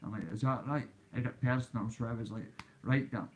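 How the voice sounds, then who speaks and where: A Glaswegian Scottish man, a YouTuber, speaks into his phone in a brisk, medium-pitched voice, swaggering through a boastful story and addressing the kids who watch him. It's a casual vlog-style tale, and the recording is rough, with a slight hiss or hum.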